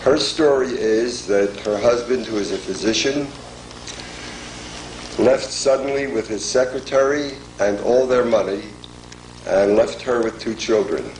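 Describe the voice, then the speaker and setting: An older man giving a formal lecture, speaking in a measured, deliberate way with many pauses. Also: medium pitch, darkish tone, a little hiss or hum. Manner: measured, deliberate, pausing often. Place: lecture hall. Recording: echoey lecture hall.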